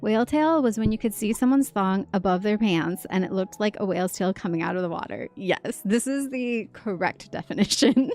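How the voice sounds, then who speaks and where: Giggly woman streamer with a gravelly voice. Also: mid-range voice, expressive, normal speed, hardly any pauses, darkish tone, faint music behind. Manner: giggly, chatty, reacting to chat. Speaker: game streamer. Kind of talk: casual livestream chat.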